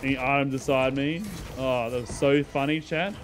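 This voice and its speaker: A man's voice: medium pitch, steady tone, moderate pace, faint music behind. Sarcastic, laughing man streaming a game. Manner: joking, sarcastic banter with chat, laughs often. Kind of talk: casual live-stream gaming chat.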